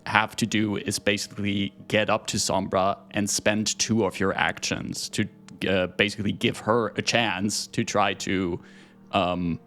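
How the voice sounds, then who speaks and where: A man's voice: on the low side, level tone, unhurried, a bit bright. A man playing a tabletop game, patiently explaining the mechanics to others. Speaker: player. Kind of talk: casual tabletop play.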